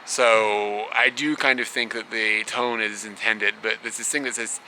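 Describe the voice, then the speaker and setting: A man's voice: fairly low pitch, fairly even intonation, unhurried, bright, forceful tone, slight background noise, low-quality recording. A young man talking casually to camera in a small guest house bedroom, rambling and bemused, laughing often and swearing now and then. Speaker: travel vlogger. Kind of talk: casual vlog talk to camera.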